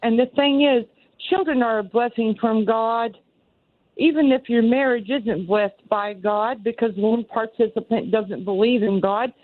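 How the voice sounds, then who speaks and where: A woman's voice: a little high, a little slow, no echo. Southern woman in her sixties on a phone line. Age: 60s. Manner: rambling, earnest, repeats herself. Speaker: caller. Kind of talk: call-in radio talk. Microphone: telephone.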